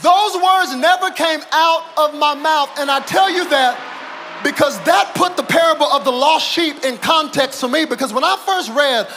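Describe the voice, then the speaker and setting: A middle-aged male pastor preaching a sermon to a church audience, moving between quiet storytelling and shouted, emphatic preaching. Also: very high voice, normal speed, faint music behind. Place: church auditorium.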